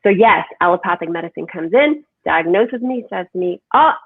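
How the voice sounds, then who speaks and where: A woman speaking as a holistic health guest in an animated, emphatic conversational interview, often asking "right?". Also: fairly low pitch, normal speed, husky, no echo. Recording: tinny phone-like line, dry.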